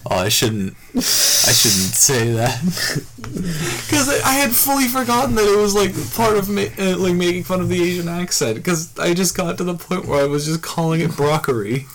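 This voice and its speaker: A man's voice: sits high, a little fast, slight background noise, low-quality recording. A man co-hosting a podcast, telling stories and acting out the lines of people in them. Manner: animated storyteller, acts out quotes. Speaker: podcast co-host. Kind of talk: casual chat.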